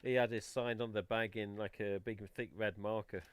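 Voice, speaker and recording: Chatty English man, smooth voice. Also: lowish voice, fairly even intonation, moderate pace. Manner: chatty, mild swearing, talks while handling items. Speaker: host of a collectors' live stream. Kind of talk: casual live-stream chat. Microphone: headset.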